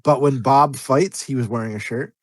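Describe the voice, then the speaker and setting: A man's voice: mid-range voice, moderate pace, breathy edge, no echo. Hesitant podcast man, dry close sound. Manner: explains at length, hesitant with many restarts. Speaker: podcast co-host. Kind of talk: casual movie review chat.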